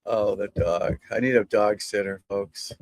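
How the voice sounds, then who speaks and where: A man's voice: on the low side, a little slow, low-quality recording. A man who works as a golf instructor, chatting casually and rambling to his viewers from a room at home and breaking off now and then to talk to his dog. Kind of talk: casual live chat to viewers.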